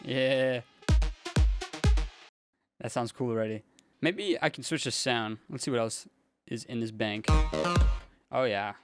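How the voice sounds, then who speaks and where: A young man, a music producer, casually thinking aloud in a relaxed, slangy way as he builds a track in his home studio. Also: medium pitch, a little slow, pauses often. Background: faint synth music playing.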